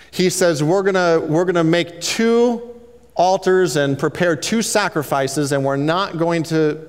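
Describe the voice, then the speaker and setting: A man's voice: a little high, smooth, long reverb tail. A man preaching an expository sermon, retelling the scripture story in casual everyday paraphrase.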